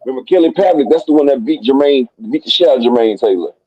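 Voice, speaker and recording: A man hosting a casual boxing talk stream, profane and excitable as he rattles off dream fights. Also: mid-range voice, quick pace, dry recording, muffled recording. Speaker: boxing talk show host. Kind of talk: casual live stream banter.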